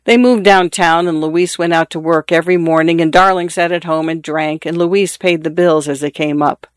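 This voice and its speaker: A man narrating a short story as an audiobook, in a measured, even storytelling manner. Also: fairly high pitch, clear, resonant tone, no echo, clean studio sound.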